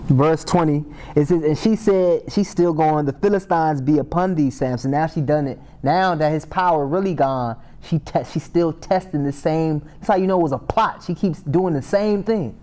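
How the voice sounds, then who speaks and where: A man's voice: a little high, moderate pace, few pauses, mellow. A man leading a casual Bible study, reading scripture aloud and riffing on it in a slangy, conversational way. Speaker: Bible class teacher. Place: Sabbath class meeting room.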